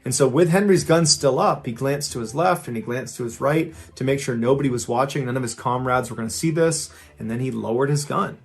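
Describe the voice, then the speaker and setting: A man narrating true crime stories in a steady, conversational storyteller's manner. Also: mid-range voice.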